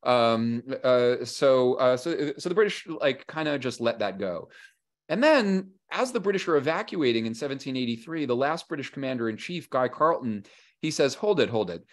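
Animated man telling history casually. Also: medium pitch. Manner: animated storytelling, acting out quoted historical figures in casual voice; frequent fillers and restarts. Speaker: historian and author guest. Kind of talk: conversational interview.

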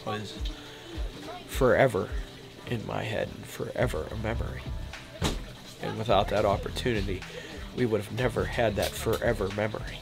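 A man, a union member and father, speaking in a documentary interview in a measured, heartfelt way. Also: fairly low pitch, steady tone, gravelly, over music.

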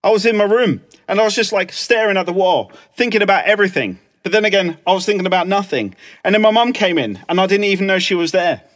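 A man softly telling a story in a whispered song cover, close to a lo-fi microphone. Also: high voice, lively intonation, fast, few pauses. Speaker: ASMR performer. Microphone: lo-fi close mic.

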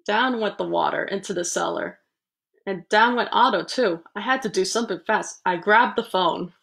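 Woman librarian, storybook read-aloud, animated, playful asides, mid pitch. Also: moderate pace, gravelly. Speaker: children's librarian.

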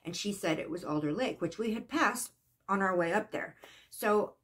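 A woman telling a personal story in a casual, earnest way, halting and shaken at times. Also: mid-range voice, animated, fairly bright tone. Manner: earnest, emotional, halting with restarts. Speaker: psychic vlogger.

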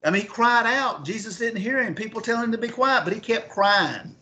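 Guy teaching bible class, kinda high voice, keeps asking the room questions. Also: expressive, a little fast, bright, forceful tone. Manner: asks the class questions, reads scripture aloud. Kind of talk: interactive Bible lesson.

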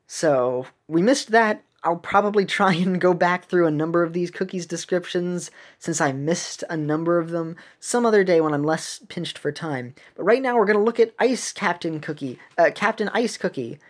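A woman's voice: lowish voice, moderate pace, few pauses. A woman casually commenting on a mobile game update and reading its story text aloud, making puns, correcting herself and laughing at her own jokes. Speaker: game video creator.

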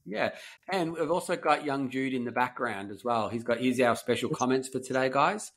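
An Australian man hosts a casual podcast interview over a video call. His voice is mid-pitched, and he loops through questions with plenty of restarts. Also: normal speed, fairly bright tone. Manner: rambling, restarts questions often. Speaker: podcast host.

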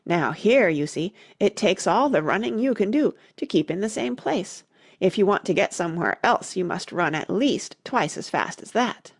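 A woman voicing a brisk, commanding queen in an audiobook. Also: medium pitch, expressive. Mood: matter-of-fact. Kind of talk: audiobook character reading.

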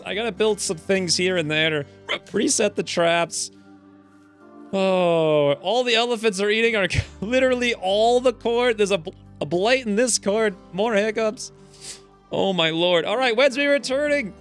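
A man with a high voice talks through his game with hiccups, mumbling orders to himself and then rising into loud yelps when things go wrong. Faint music plays under his voice. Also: measured pace. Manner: excitable, jumps between calm muttering and high yelps. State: has the hiccups. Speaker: let's play gamer. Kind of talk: casual gameplay commentary.

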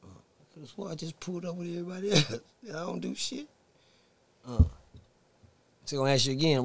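Speaking a little fast with a gravelly, somewhat high voice, a Texas man pauses often as he tells a story on a podcast. He's a profane, animated guest who performs the voices of the characters he describes.

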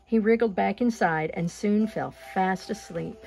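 Gravelly-voiced woman reading a storybook aloud. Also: mid-range voice, unhurried, faint music behind. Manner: gentle, expressive read-aloud pacing. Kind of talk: reading a picture book aloud.

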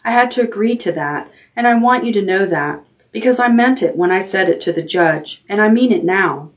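A woman reading the lines of a kindly, slightly awkward middle-aged aunt in a gentle, earnest voice. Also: mid-range voice, lively intonation, moderate pace, recorded from a distance, lightly acted.

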